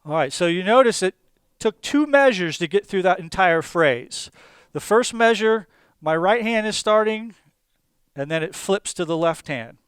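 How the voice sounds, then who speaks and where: A male drum teacher explains each step calmly and methodically. His voice sits a bit high, smooth and clear, and the recording is dry and close. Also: a little slow, no room sound. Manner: calm, methodical, with fillers. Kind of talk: instructional explanation.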